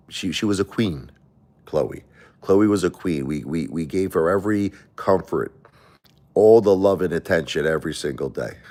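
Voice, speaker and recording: This livestream host is a middle-aged man with a very deep, darkish voice. Emotional and defensive toward his viewers, he rambles on, repeating words and starting over.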